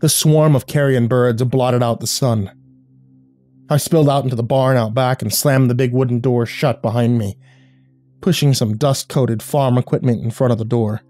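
Brief: a male horror storyteller with a dark, relaxed tone, steady grim reading over soft music. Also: mid-range voice, dry recording. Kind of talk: scripted horror narration.

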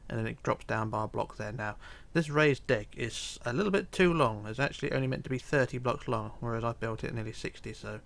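A tired man narrating a building tutorial, counting quietly under his breath as he works. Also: mid-range voice, brisk, vocal fry, few pauses. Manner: relaxed, counting blocks under his breath, drops to near whisper. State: tired, yawning. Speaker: tutorial host. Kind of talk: casual game tutorial narration.

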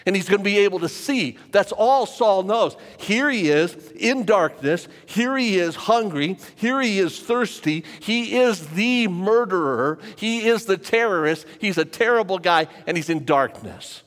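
A pastor preaching a sermon to a live congregation in a church, talking conversationally and repeating phrases for emphasis. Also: male voice, high voice, expressive, a little slow, few pauses, fairly bright tone. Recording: long church reverb.

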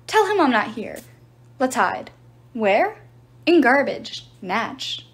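A woman reading a novel aloud in an expressive, dramatic storytelling manner. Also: on the high side. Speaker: reader.

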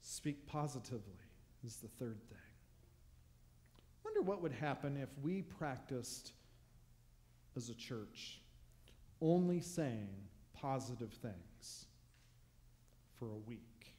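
A man's voice: mid-range voice, lively intonation, slow pace, pauses often, dark tone. A male pastor preaching a sermon in a church, conversational and humorous, with rhetorical questions. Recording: long reverb of a large hall.

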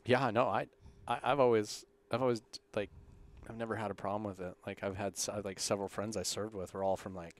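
A man hosts a podcast interview in a low voice, asking short questions. He sounds laid-back and keeps his turns brief. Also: steady tone, brisk. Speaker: podcast host.

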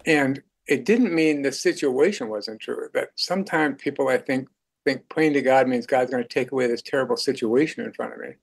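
A man's voice: mid-range voice, normal speed, gravelly. Earnest older man, often chuckling. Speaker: guest. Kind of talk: conversational faith talk.

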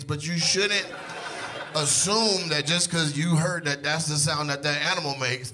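A man in his thirties performs stand-up into a handheld mic on stage. His voice sits a bit high, and he tells the story in an animated way, dropping to a near whisper and then bursting into shouts. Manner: animated, swings from hushed to shouting. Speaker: stand-up comedian. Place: comedy stage before a live audience.

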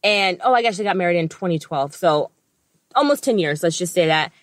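A woman's voice: lowish voice, expressive, brisk, dry recording, clean studio sound. An American woman co-hosting a podcast, chatty and opinionated, with casual swearing. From United States. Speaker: podcast co-host. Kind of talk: casual chat.

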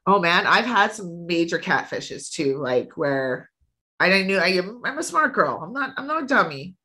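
A woman's voice: on the low side, big pitch swings, moderate pace, sharp tone. A woman in her thirties, a podcast guest, chatting candidly and acting out quotes in her stories with laughs. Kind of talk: candid casual chat.

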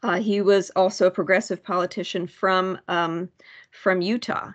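A woman presenting research at a public commission meeting, halting, with many fillers and restarts. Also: lowish voice, fairly even intonation.

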